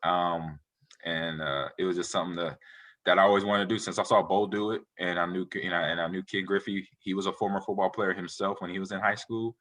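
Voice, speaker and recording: Guest: man in his forties, low and forceful, lively rambling storyteller. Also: a little fast. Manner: animated, rambling storyteller who acts out quotes. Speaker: interview guest, retired football player. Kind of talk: casual interview storytelling.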